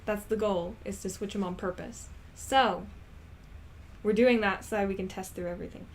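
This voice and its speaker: A woman's voice: mid-range voice, moderate pace, a little hiss or hum. A young woman chatting casually to her own recording as she tries out accents, giggly and self-conscious, getting flustered at her own slips. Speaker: creator practicing accents.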